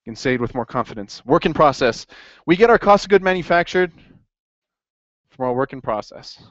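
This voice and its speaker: A man teaching an accounting class in a lively classroom lecture, quizzing students as he goes. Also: a little high, fairly quick, no room sound. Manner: upbeat, asks the class questions. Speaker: accounting instructor. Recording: dry, dull lo-fi classroom recording.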